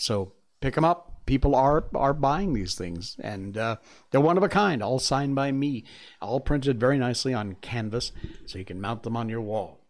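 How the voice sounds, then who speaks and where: A man hosting a casual show, chatting with animated asides, then reading a novel aloud in a quieter, measured voice. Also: mid-range voice.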